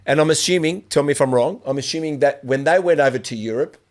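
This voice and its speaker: A man's voice: a little high, quick pace. A man hosting an interview podcast, talking in a rambling, opinionated way with many restarts. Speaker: podcast host. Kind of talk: casual conversational interview.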